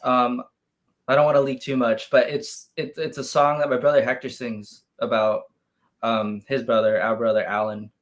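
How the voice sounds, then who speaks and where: A man's voice: medium pitch, little pitch movement, normal speed. A man, a band member being interviewed, talking in a laid-back way with casual swearing. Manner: laid-back, swears for emphasis, with many fillers.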